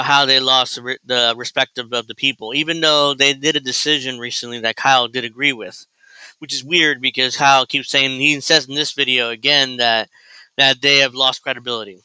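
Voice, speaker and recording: A man's voice: mid-range voice, bright, forceful tone, clear, resonant tone, dry recording, poor audio. A male host giving crude, sarcastic, rambling political reaction commentary.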